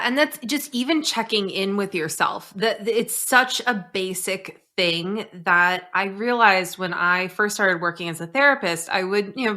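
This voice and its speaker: A woman's voice: medium pitch, bright, forceful tone. A woman hosting a podcast conversation, a former therapist talking candidly and animatedly, swearing casually. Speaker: podcast host.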